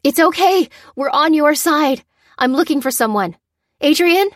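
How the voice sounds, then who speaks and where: A woman reader voicing a desperate woman agent who shouts in a high, strained voice. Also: animated, measured pace, dry recording, studio quality. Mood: frantic shouting.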